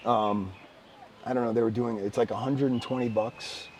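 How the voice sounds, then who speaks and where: A man co-hosting a casual podcast, telling stories with bursts of excited shouting. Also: medium pitch, normal speed, a little hiss or hum. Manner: animated storyteller, bursts of excited shouting when retelling. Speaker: podcast co-host. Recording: slightly distant mic with faint background ambience.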